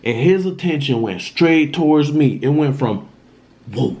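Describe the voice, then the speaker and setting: A young man vlogging, retelling a frightening personal story in an animated, emphatic way with lots of slang. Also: fairly high pitch, measured pace. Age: young adult. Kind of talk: storytime vlog.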